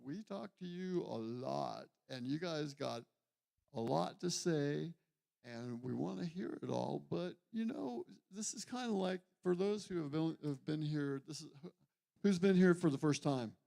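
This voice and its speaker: A man's voice: a little high, animated, a little slow, vocal fry, dark tone. A man hosting a live music radio show, chatting in a rambling, stop-start, jokey way. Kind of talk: casual live studio chat. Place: music studio with a small audience.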